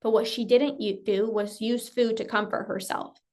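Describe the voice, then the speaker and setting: High-voiced woman giving a motivational talk. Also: steady tone, moderate pace, a little mellow. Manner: emphatic, repeats phrases for effect, acts out client's voice. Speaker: coach.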